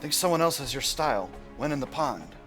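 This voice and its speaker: A man lending his everyday voice to a calm male glider pilot from the war, reporting in plain, even tones. The man doesn't bother with an accent. Faint music sits underneath. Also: medium pitch, a little fast, natural voice. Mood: hushed report. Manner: plain reading, no accent attempted.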